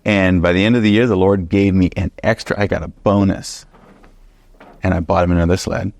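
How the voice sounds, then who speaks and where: A man teaching a Bible study, telling a personal story in an animated, conversational way with many fillers and restarts. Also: deep voice, fairly quick, creaky, no echo.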